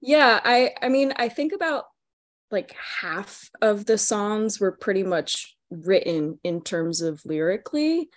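A young woman in her twenties, a singer-songwriter guest, explaining her songwriting in a soft, hesitant way. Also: mid-range voice, lively intonation, takes it slowly. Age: 20s. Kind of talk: casual interview chat.

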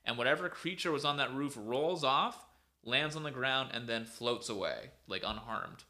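Very bright-voiced man telling a story. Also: medium pitch, normal speed. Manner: rambling, filler-heavy. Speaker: podcast co-host. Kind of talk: casual storytelling.

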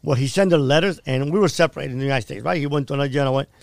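Middle-aged guy with a gravelly voice, kinda high for a man, telling his story blunt and vivid, keeps saying right?, dry close sound. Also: rapid-fire, darkish tone, dry recording. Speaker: podcast guest. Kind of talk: casual storytelling.

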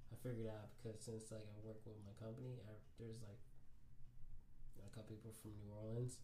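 A man's voice: lowish voice, flat delivery, brisk, warm tone, reverberant. A young man with a Texan accent, chatting casually as a podcast co-host and rambling with lots of "like". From Texas. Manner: rambling, leans heavily on "like", swears casually. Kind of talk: casual chat.

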